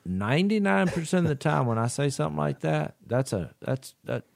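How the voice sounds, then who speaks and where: Animated man telling a story. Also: on the high side, a little fast, gravelly, dry recording, studio quality. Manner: folksy, animated, laughs through his stories. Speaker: podcast co-host. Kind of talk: casual storytelling chat.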